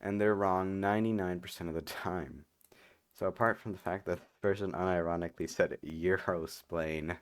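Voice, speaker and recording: A man's voice: deep voice, dry recording. A man hosting a casual reaction commentary, rambling and sarcastic, with lots of "like" and "you know". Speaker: commentary host.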